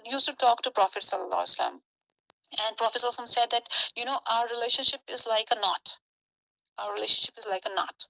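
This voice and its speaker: A young woman giving an earnest, animated religious talk, telling stories in a mix of English and Hindi. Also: fairly high pitch, no echo, low-quality recording. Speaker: Islamic lecturer.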